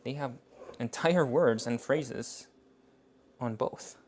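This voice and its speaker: A man's voice: medium pitch, takes it slowly, a little mellow, slight background noise. A man chatting casually on a cooking live stream, joking about himself and laughing often. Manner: giggly, joking, self-mocking.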